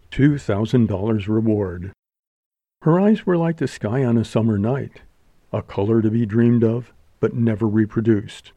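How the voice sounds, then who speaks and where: A man narrating an audiobook in a measured, even reading. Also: lowish voice, no room sound, lo-fi sound. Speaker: audiobook reader. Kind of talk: scripted narration.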